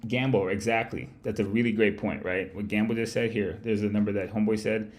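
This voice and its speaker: Man, livestream market host, lowish voice, profane, rambling, chatty with viewers. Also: fairly even intonation, brisk. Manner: profane, rambling, talks to chat directly. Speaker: host of a live market-analysis stream. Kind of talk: casual livestream market commentary.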